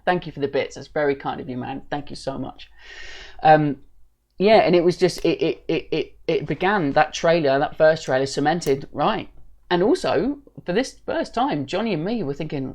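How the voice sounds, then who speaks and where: A man's voice: a little high, moderate pace, darkish tone. Male streamer, enthusiastic, rambling, casual storytelling. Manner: enthusiastic, rambling, with many restarts. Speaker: livestream host.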